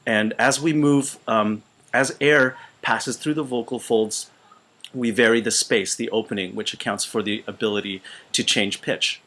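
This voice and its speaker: A man teaching voice, speaking with a weakened, out-of-shape voice in a halting way full of fillers and restarts. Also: fairly low pitch, fairly bright tone. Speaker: voice teacher and choir conductor. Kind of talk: casual instructional video. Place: small retreat room.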